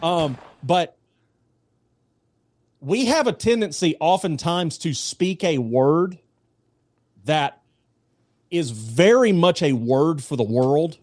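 A man in casual faith discussion, telling jokes and stories in an animated way, with voices. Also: on the high side, dry recording.

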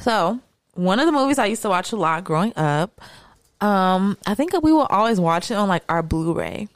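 A woman's voice: mid-range voice, normal speed, no echo. A woman co-hosting a podcast, telling stories in casual chat and swearing freely. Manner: animated storytelling, swearing freely. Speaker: podcast co-host.

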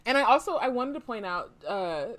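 A woman's voice: on the high side, animated, brisk. A woman co-hosting a podcast, casually recapping and discussing a novel's chapters with frequent fillers and laughter. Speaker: podcast co-host.

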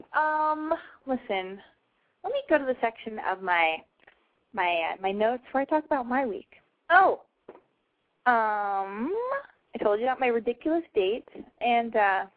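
A woman hosting a call-in show, blunt, profane and excitable in casual chat. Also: a little high. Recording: tinny phone-like sound.

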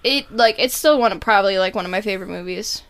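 A woman's voice: medium pitch, fast, a bit bright. A young woman co-hosting a podcast, chatting casually and a bit tipsy, swearing and full of filler words. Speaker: podcast co-host.

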